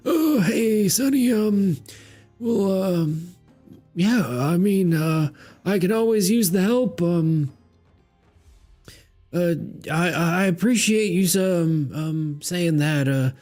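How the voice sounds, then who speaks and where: A man doing a creaky old Southern farmer. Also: high voice, lively intonation, slow pace, darkish tone, soft background music, voice pushed up, exaggerated voice. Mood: kindly. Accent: put-on Southern twang. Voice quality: thin, crackly old-man voice with many ums. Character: slow-moving old male farmer, kindly and folksy. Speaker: game master voicing a character.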